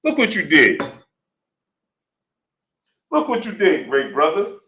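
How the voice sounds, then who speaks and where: Slangy male livestream host, fairly high voice. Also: huge pitch swings, slow, bright, forceful tone. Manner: slangy, calls viewers "brother", teasing. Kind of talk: casual live-stream chat.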